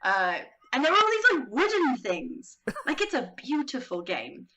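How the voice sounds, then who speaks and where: A woman's voice: high-pitched, wildly swooping pitch, moderate pace, pushed and bright, highs cut off. A young woman, a podcast guest, chatting casually, acting out quotes and laughing often.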